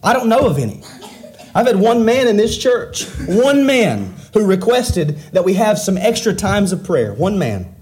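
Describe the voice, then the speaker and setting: Preaching man, rising and falling pitch. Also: big pitch swings, unhurried, a little mellow. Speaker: pastor. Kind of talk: sermon.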